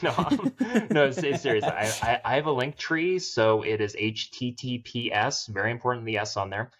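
A man's voice: medium pitch, moderate pace, fairly bright tone. A man guesting on a podcast, chatting casually in a rambling, self-deprecating way and laughing often. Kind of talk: casual chat.

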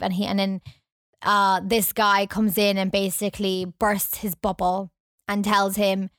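A woman's voice: mid-range voice, little pitch movement, normal speed, dry recording, clean studio sound. A woman casually chatting about a film, giggling and acting out lines. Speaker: podcast co-host. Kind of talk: casual movie review chat.

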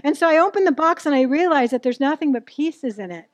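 Middle-aged female preacher, high voice, dry recording, candid and conversational with the congregation. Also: expressive, quick pace, no room sound. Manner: candid storytelling, asks the audience questions. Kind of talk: sermon to a live church audience.

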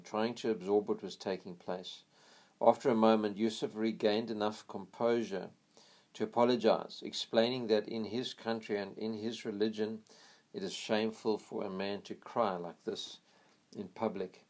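A man reading a memoir aloud in an earnest, steady way, now and then pausing to pray quietly. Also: fairly low pitch. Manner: earnest, pauses for quiet prayers. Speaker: reader of a missionary memoir.

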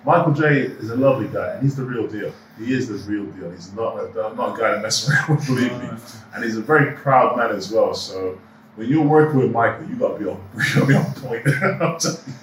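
A guest who works as an actor and producer talks quickly in a medium-pitched voice, animatedly acting out quoted dialogue as he shares anecdotes in an interview. He sounds distant and off-mic in an echoey room, with a bit of hiss or hum.

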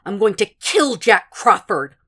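An exasperated, worried wife fires off pointed questions in a higher, sharper voice, as a woman reads her lines. She sounds tense and fed up. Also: sing-song, moderate pace, fairly bright tone. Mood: angry.

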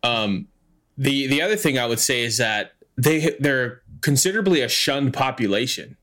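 A man's voice: medium pitch, expressive, normal speed, a bit bright. A man co-hosting a casual podcast, thinking aloud with lots of fillers and restarts. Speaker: podcast co-host.

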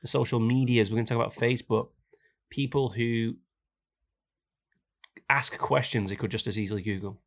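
Gravelly man chatting casually. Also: medium pitch, steady tone, normal speed, pauses often. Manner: rambling, mimics people in skits. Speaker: podcast co-host. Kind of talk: casual banter podcast.

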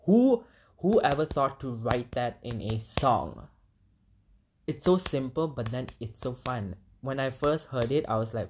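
A woman, casually reviewing an album, animated and swearing, breaking into short sung lyrics. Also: very deep voice, a little slow, slight background noise. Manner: animated, swearing, sings lyric snippets, laughs often. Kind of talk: casual vlog chat.

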